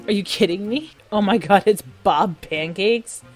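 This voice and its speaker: A woman's voice: medium pitch, measured pace, faint music behind. A woman giving casual, giggly commentary while playing a life-simulation game, often breaking into laughter and exclamations. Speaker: gameplay streamer.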